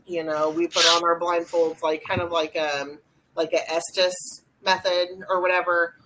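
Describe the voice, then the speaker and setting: A woman's voice: on the low side, a little slow, background noise. Rambling woman telling a ghost story. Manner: rambling, animated retelling with lots of fillers. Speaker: podcast co-host. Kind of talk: casual storytelling chat.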